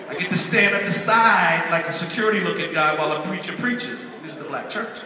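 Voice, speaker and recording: A middle-aged man telling his life story from the pulpit, lively and acting out the voices of others. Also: high voice, a little fast, hardly any pauses, far from the mic. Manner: lively, animated, acts out quotes. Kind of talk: storytelling sermon. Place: large church hall. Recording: echoey church hall from afar.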